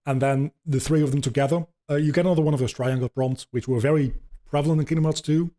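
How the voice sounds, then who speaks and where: A man's voice: a little high, fairly even intonation, fast talker, dark tone. A man hosting a podcast, rambling casually with many ums and swears as he explains video game lore. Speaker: podcast host.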